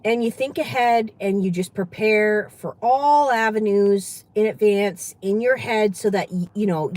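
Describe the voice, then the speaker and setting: A woman's voice: mid-range voice, a little mellow, low-quality recording. A woman who hosts her own channel, talking casually and emphatically, often repeating her points. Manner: chatty, emphatic, repeats herself. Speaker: channel host giving advice. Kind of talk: casual advice vlog.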